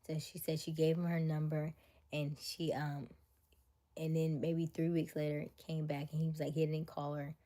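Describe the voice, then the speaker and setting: A woman hosting a livestream, chatting casually to her viewers and retelling a story in an animated, incredulous way. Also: low-pitched, normal speed. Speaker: livestream host.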